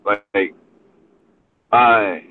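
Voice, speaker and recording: A man's voice: fairly low pitch, fairly even intonation, drawn-out words, a little hiss or hum. A man hosting a casual chat from his car between rideshare pickups, laid-back and rambling, saying dude a lot. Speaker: host and rideshare driver. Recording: tinny phone-line audio.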